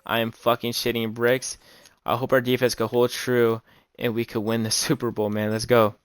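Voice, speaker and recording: A young man calling his own football video game, nervous and excited, swearing and saying "man" and "bro" a lot. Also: medium pitch, normal speed, clear, resonant tone, no echo. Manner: hyped, anxious play-by-play, swears, says "man" and "bro" a lot. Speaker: gaming YouTuber. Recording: game music playing loud underneath. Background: video game music.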